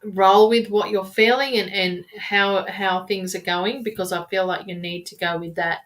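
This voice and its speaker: A woman's voice: medium pitch, steady tone, moderate pace, fairly bright tone. A woman giving live-streamed tarot readings in a rambling, repetitive, affectionate way, calling viewers darling and my loves. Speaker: tarot reader.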